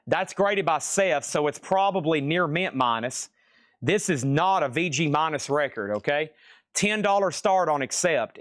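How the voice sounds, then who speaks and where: A man running a livestream auction with a raised, fairly high speaking voice, rambling off topic and cracking jokes at his own expense. The sound is close and dry, with almost no room in it. He calls lots and prices in a loose, chatty way. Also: fairly bright tone, dry recording. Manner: rambling, joking, self-deprecating. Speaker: host of a live record sale.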